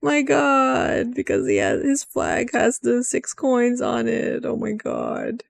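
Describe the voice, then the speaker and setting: A woman's voice: a little high, huge pitch swings, takes it slowly, gravelly, no echo. A woman giving rambling, giggly gaming commentary as host, swearing freely.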